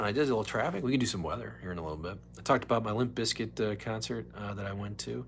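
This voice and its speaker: A middle-aged man hosts a casual solo livestream from home, rambling and joking straight to his viewers. His voice is lowish, creaky, and a bit bright, and he talks at a racing pace over a little hiss or hum.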